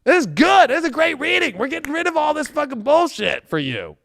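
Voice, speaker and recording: A man giving a casual tarot reading, profane and joking, bursting into shouts and silly voices. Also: extremely high pitch, sing-song, brisk, creaky, a little hiss or hum. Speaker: tarot reader.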